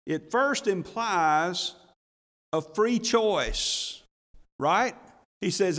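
A man's voice: high-pitched, lively intonation, extremely slow, pauses often, fairly bright tone, long reverb tail. A male pastor giving a sermon, talking in a folksy way that builds into emphatic, rising bursts.

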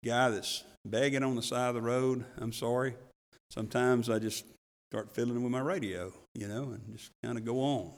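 A middle-aged man preaching a sermon as pastor, telling the story with animated voices. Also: medium pitch, moderate pace, long reverb tail.

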